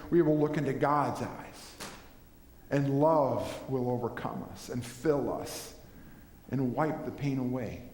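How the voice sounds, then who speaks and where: Male pastor preaching in an echoey church. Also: fairly high pitch. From Minnesota. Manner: earnest preaching with rhetorical questions and lists. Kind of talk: sermon. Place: church sanctuary. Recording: echoey church hall with long reverb.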